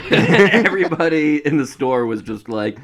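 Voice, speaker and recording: Young male podcast co-host, animated storyteller who keeps laughing, slightly high voice. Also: unhurried. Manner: laughs a lot, storytelling with big pitch jumps. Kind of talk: casual comedic chat.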